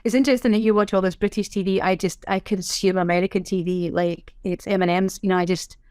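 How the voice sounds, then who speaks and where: A middle-aged woman with a Scottish accent talks freely in a podcast interview, spinning anecdotes with a wry, self-deprecating touch. Her voice sits at an ordinary pitch for a woman and comes through close and dry, with no room sound around it. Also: quick pace, no room sound. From Scotland. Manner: chatty, self-deprecating, animated storyteller. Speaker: guest, sign language interpreter. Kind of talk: casual interview chat.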